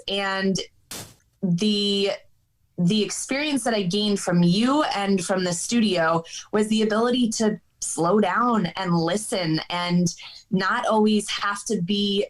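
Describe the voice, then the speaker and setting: A woman softball coach speaking as a podcast guest, in a measured, reflective, casual way. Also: mid-range voice, poor audio. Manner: measured, reflective, with small restarts.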